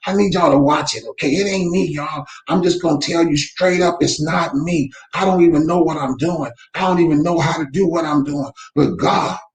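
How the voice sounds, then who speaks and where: Raspy guy preaching to his team from home, kinda high voice, echoey room. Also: fairly even intonation, moderate pace, hardly any pauses. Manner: fervent, preachy, bursts into shouting. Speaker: real estate company owner, host. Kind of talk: live faith-based motivational talk. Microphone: camera mic.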